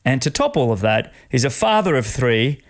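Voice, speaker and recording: A man's voice: mid-range voice, normal speed. A middle-aged Australian man hosting a podcast interview, telling stories with enthusiasm. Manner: enthusiastic, animated storytelling. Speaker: podcast host. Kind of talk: casual interview chat.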